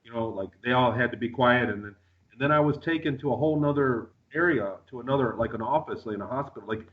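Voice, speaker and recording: A man of mid pitch rambles through a personal account as a radio guest, looping back with "like" and "you know" and restarting his sentences. The audio is dull and lo-fi, with the top end rolled off. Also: fast. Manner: rambling, many fillers and restarts. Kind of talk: radio interview storytelling.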